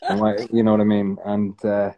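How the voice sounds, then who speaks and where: An Irish man sits in for a casual interview chat. His voice sits low and sounds deep and mellow, and he rambles loosely, circling back with fillers and false starts. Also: normal speed, dull audio. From Ireland. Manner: relaxed, rambling, many fillers and restarts. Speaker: guest.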